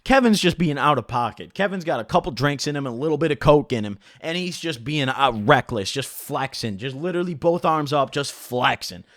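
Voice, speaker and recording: A young man tells a story for his vlog with animated, profane humor. His pitch is a bit high and swings a lot from line to line. The sound is dry and close to the mic. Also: brisk, few pauses, no room sound. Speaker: vlogger.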